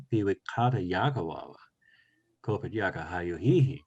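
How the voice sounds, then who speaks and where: Deep-voiced man leading a language lesson. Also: lively intonation, vocal fry, darkish tone, breathy edge, highs cut off. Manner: thoughtful, teacherly, pauses with many uhs. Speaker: session leader. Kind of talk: language lesson, reading and explaining a story.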